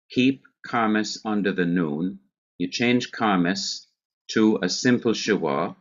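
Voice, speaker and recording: Slow, deep-voiced Jamaican man teaching. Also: fairly bright tone, dull audio. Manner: slow, deliberate, repeats key words. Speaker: Hebrew teacher. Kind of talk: classroom grammar lesson. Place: classroom.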